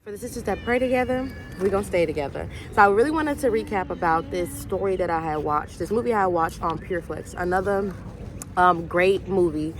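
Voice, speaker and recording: A woman's voice: lowish voice, brisk, slight background noise. A young woman hosting a faith vlog, casually retelling a movie and acting out the characters' lines. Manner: chatty storyteller acting out quoted dialogue.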